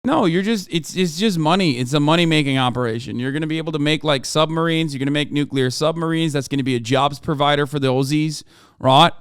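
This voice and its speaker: Streamer guy with a slightly high smooth voice, loose slangy talk, swears a lot. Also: fairly quick, no echo, studio quality. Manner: animated, profane, slangy, addresses chat as bro. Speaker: streamer host. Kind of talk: casual reaction commentary.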